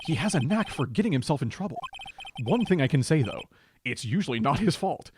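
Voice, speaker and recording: A man's voice: on the high side, sing-song, fairly quick, a little mellow, slight background noise. A man voicing an earnest young lawyer. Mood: narrating. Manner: earnest, narrating, hesitant. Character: nervous young male defense lawyer.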